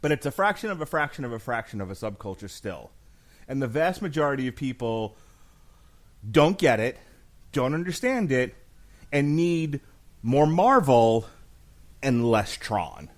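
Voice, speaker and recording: A man in his forties hosting a podcast and arguing a case about a film with emphatic, animated delivery and frequent laughter. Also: mid-range voice, a little slow, pauses often. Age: 40s. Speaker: podcast host. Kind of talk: mock-trial film debate podcast.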